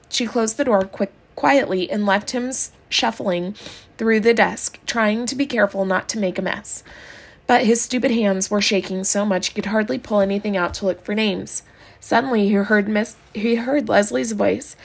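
A woman reading a novel aloud in a steady, unhurried narration. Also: mid-range voice, creaky. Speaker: audiobook reader.

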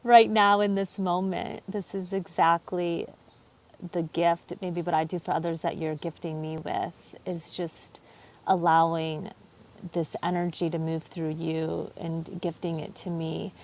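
A woman's voice: lowish voice, little pitch movement, a little slow, a little mellow. Effusive woman guest, many fillers. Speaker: podcast guest, psychologist. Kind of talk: heartfelt spiritual conversation. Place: home porch.

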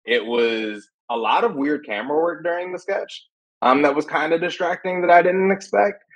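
A man's voice: fairly high pitch, normal speed, poor audio. A man talking as a podcast panelist, enthusiastic and loose, with lots of filler words. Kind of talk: casual chat.

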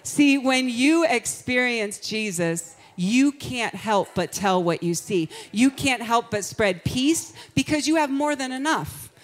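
This woman pastor preaches an Easter sermon in a fairly high, expressive voice, speaking slowly with few pauses. She moves from quiet, confiding speech to shouted, fervent praise, slipping into song and laughing frequently.

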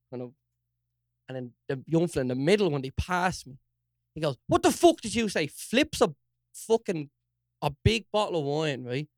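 Animated young Dublin man telling a story. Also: on the high side, no room sound, studio quality. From Ireland. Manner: animated, swearing, acts out quotes in raised voice. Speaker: podcast co-host. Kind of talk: casual storytelling chat.

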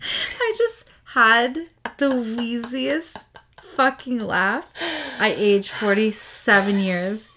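A woman's voice: fairly high pitch, lively intonation, sharp tone, a little hiss or hum. Giggly woman joking on a podcast. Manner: giggly, quick with jokes, puts on gruff voices. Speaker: podcast co-host. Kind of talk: comedic banter and voicing characters.

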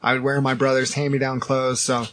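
A man's voice: medium pitch, a little fast, a little hiss or hum. A man in his thirties co-hosting a podcast, telling a long story in casual chat and acting out the quoted lines. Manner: animated storyteller, acts out quoted dialogue, laughs often. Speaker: podcast co-host.

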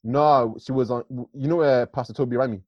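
A young man on a casual podcast, teasing and animated, often repeating himself. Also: medium pitch, fast talker, dry recording, dull audio. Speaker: podcast co-host. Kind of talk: casual chat.

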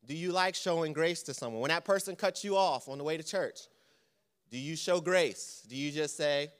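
Smooth-voiced preacher, conversational. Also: male voice, on the high side, normal speed. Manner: conversational, asks the congregation questions. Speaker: preacher teaching a church lesson. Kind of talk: sermon. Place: church.

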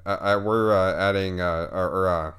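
A man hosting a casual gaming podcast, talking in halting bursts full of fillers and restarts. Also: steady tone, fairly bright tone, clean tone. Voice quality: says his voice gets squeaky. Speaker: podcast host.

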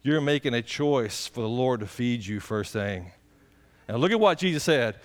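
A man's voice: medium pitch, expressive, moderate pace. A man, a pastor preaching a folksy, conversational sermon and putting direct questions to the congregation.

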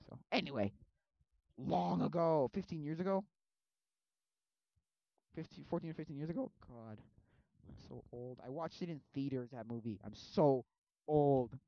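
A man in his early twenties, rambling casually and animatedly, acting out scenes as he talks. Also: on the high side. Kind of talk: casual chat. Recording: dull lo-fi sound.

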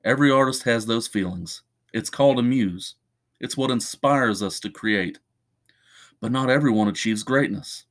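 A man's voice: mid-range voice, moderate pace, lightly acted. A man reading the part of a stern, frustrated woman professor who lectures pointedly, in an audiobook story. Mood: lecturing.

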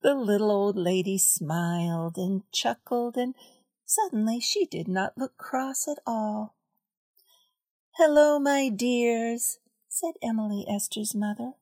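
Slow gentle woman reading a children's story. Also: medium pitch, breathy edge, no room sound, studio quality. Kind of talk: children's story read aloud.

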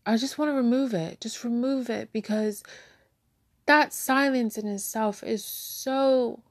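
A woman sharing her feelings in a candid personal monologue, halting and searching for words, becoming emotional. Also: a little high, no echo, studio quality. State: tearful, emotional.

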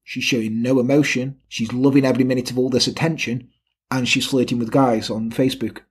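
A man's voice: mid-range voice, fairly even intonation, fairly quick, breathy edge. A man casually tells a true crime story on a podcast, swearing a lot and acting out what the people in it said. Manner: swears often, acts out quotes of the people in the story.

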